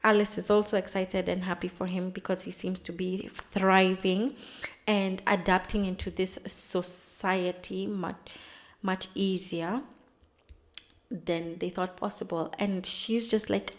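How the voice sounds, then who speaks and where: A woman chatting casually as she recaps a TV episode, retelling scenes with quick dramatized asides. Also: medium pitch, level tone. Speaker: TV recap vlogger.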